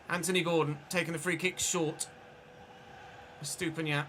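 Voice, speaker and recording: Bright-voiced man calling his game. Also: on the high side, flat delivery, normal speed, a little hiss or hum. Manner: running play-by-play, swearing and frustrated outbursts. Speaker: gaming streamer. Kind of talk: live gameplay commentary.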